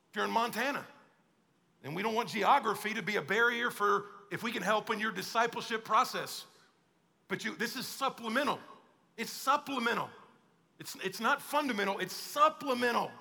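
A man's voice: high-pitched, gravelly, bright, forceful tone. A male pastor preaching a conversational sermon and acting out quoted voices. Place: church auditorium. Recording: long hall reverb.

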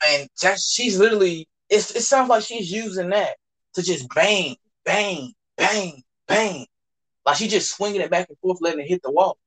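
A man's voice: high-pitched, fairly quick, a bit bright, poor audio. A young man telling a story in a casual podcast chat, full of slang and swearing, often mimicking other people's voices.

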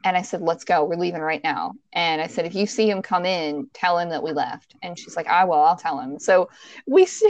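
A woman co-hosting a casual chat. She tells a story with energy, swears freely and acts out the lines she quotes in a loud voice. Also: on the low side, brisk, dry recording.

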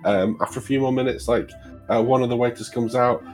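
A man's voice: medium pitch, fairly even intonation, a little fast, soft background music. A man narrating as game master of a tabletop game, rambling with frequent restarts. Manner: rambling, many fillers and restarts.

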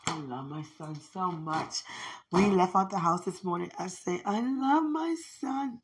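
A woman's voice: lowish voice, steady tone, normal speed, slight background noise. A woman rambling to herself in an emotional monologue, sighing and praying aloud as she talks. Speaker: mother talking to herself.

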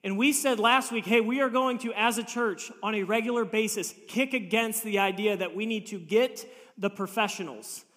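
A man's voice: high voice, moderate pace, fairly bright tone, in a large hall. A man preaching a sermon as pastor, telling humorous stories and acting out the voices he quotes. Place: church sanctuary.

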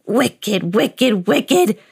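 A woman putting on a croaky grumpy old man. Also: fairly high pitch, wildly swooping pitch, slow pace, exaggerated voice. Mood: shouting.

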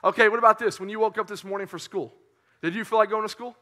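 A young man preaches with lively, joking energy to a youth group. His voice sits high for a man and rings bright and forward. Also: fast. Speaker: youth pastor. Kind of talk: sermon.

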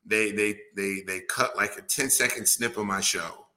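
A man's voice: lowish voice, fairly even intonation, moderate pace, bright, forceful tone. A man hosting a casual podcast chat, laid-back and laughing easily, with casual swearing. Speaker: podcast host.

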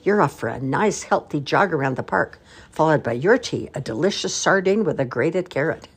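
An older woman voicing a bossy mother elephant in a storybook reading, brisk, firm and stern. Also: sits low, animated, breathy edge, full character voice.

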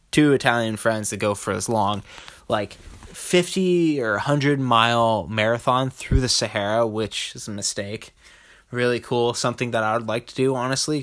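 A man's voice: mid-range voice, a bit bright. Guy ranting on his podcast, swears constantly, rambly, laughs at his own jokes. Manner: crude, rambling, laughs often. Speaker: podcast host. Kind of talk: solo comedic podcast rant.

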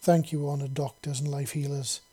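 A man's voice: a little high, little pitch movement, moderate pace, mellow, lightly acted. A man voicing a formal female alien warrior who speaks solemnly in a storybook reading.

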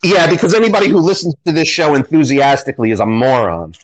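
A man's voice: a little high, big pitch swings, fast talker, low-quality recording. A man co-hosting a podcast in casual chat, sarcastic and self-deprecating, acting out what others said. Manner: sarcastic, self-deprecating, acts out quoted voices. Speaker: podcast co-host.

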